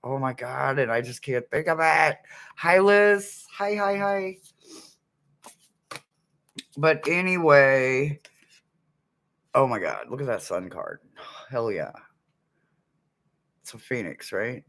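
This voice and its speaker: Man, tarot reader, live stream, giddy laughter, bright unhurried voice. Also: medium pitch, animated, gravelly. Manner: laughing nearly nonstop, giddy exclamations.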